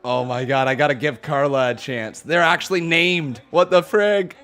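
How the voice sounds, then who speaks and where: A loud, excitable man hosting a live watch-along stream, chatting and reacting as he goes. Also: on the high side, moderate pace, clean tone. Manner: loud and excitable, laughs often.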